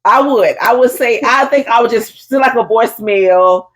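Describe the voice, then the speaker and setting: A woman co-hosting a casual chat, telling stories with lively acted-out voices and calling her friend "honey.". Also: on the high side, normal speed. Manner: animated storyteller, acts out crowd voices, says "honey". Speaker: podcast co-host.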